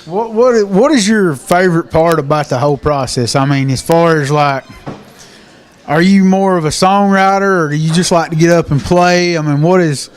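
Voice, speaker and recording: A man hosts a casual talk show live from a pizzeria. His voice sits fairly high, and his chat is folksy and easygoing. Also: moderate pace. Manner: folksy, easygoing, laughs often.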